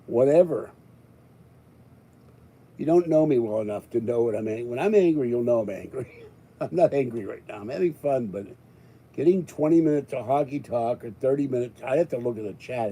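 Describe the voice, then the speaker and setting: Older male livestream host, very dark tone, rambling, exasperated. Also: medium pitch, poor audio. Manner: rambling, exasperated, raises voice then calms. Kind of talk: live-stream chat with viewers.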